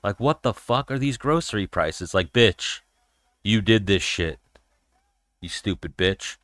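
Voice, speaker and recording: A man's voice: lowish voice, lively intonation, a little slow, fairly bright tone, no echo, studio quality. A man doing a mocking, profane impression of a female politician. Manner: exasperated, profane.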